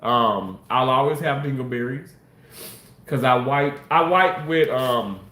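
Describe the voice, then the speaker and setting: A man's voice: slow pace, bright, forceful tone. A man livestreaming and reading chat aloud, making crude jokes and protesting with mock innocence. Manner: voice jumps high when protesting. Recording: roomy echo.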